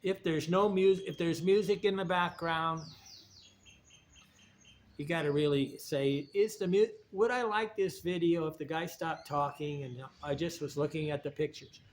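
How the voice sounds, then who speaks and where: A man with a somewhat high voice talks in a loose, wandering monologue. He often drops a sentence halfway and starts it again. A faint hum of ambience sits behind him. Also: fairly even intonation, a little slow. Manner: digressive, restarts sentences. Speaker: video essayist. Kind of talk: rambling spoken monologue.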